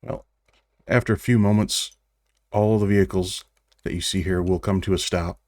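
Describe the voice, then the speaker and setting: A man narrating as game master of a tabletop role-playing game, wry and relaxed, with small restarts. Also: deep voice, normal speed, dry recording, studio quality.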